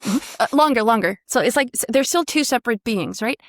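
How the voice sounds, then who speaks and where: A woman's voice: a little high, animated, brisk, no room sound. Encouraging woman voice coach, dry sound. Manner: encouraging, models sounds and sings them out. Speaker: voice and pronunciation coach. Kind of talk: one-on-one pronunciation lesson.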